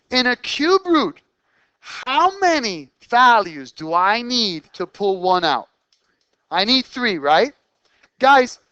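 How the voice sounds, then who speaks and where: Crisp-voiced math teacher walking through steps. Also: mid-range voice, a bit bright, no room sound, poor audio. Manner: talks students through steps with quick check-in questions. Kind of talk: classroom lesson explanation. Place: classroom.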